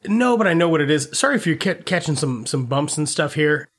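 A man who calls himself a dad co-hosts a podcast, rambling through a movie's plot with plenty of swearing and frequent laughter. His voice sits a little high and swings widely in pitch, moving a little fast with a slightly bright tone. It's a loose, casual movie review chat.

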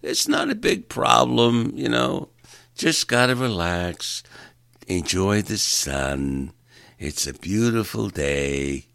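A man putting on the voice of a dreamy, carefree bystander who talks slowly in a sing-song, mockingly serene way. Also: lowish voice, very animated, vocal fry, a bit bright, clear, resonant tone, no room sound, clean studio sound, full character voice. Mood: mock-serene.

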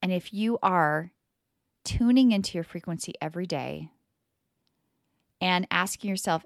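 A woman in her thirties hosting a spiritual self-help podcast, talking candidly and with a lot of swearing, acting out her own past words in lively voices. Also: fairly low pitch, measured pace, creaky, pauses often, no room sound, studio quality. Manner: candid, profane and animated, quoting herself in lively voices. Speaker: podcast host.

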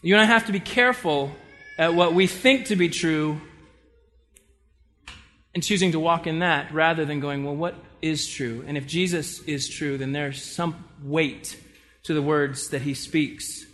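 A man with a high, bright, forceful voice preaches a sermon. He tells stories with lively energy and swings between loud bursts and quiet, soft lines. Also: unhurried. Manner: storytelling, animated, shifts between loud and soft delivery. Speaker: pastor.

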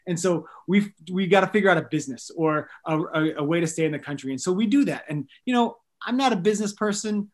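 A man in his thirties, a missionary guest on a podcast, telling stories in an earnest, animated way with light jokes. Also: sits high, quick pace, hardly any pauses. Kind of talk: storytelling in a podcast interview.

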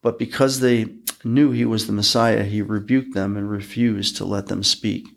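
Low, gravelly man reading scripture. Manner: measured, even reading pace. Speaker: podcast host reading scripture.

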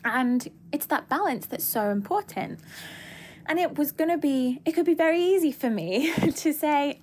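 A woman's voice: high-pitched, expressive, normal speed, darkish tone, a little hiss or hum. A young adult woman, a coach hosting her podcast, talking earnestly and emphatically in a reflective monologue, repeating key words for weight.

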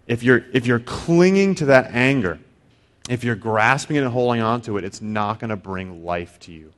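A middle-aged man preaches in an easy, conversational tone at an ordinary pitch. He stumbles over his words and repeats them as he goes. Now and then he slips into short acted-out thoughts of other people before returning to his plain teaching voice. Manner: conversational, acts out inner voices, repeats words when restarting. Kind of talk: sermon.

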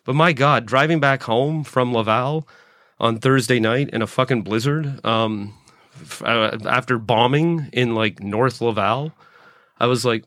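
A man in his late forties rambles through a solo podcast monologue, self-deprecating and quick to swear. His pitch sits in the middle for a man, and he often breaks off and restarts his sentences. The recording is dry and close, with no room sound. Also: fairly bright tone, dry recording. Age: 40s. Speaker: podcast host, stand-up comedian.

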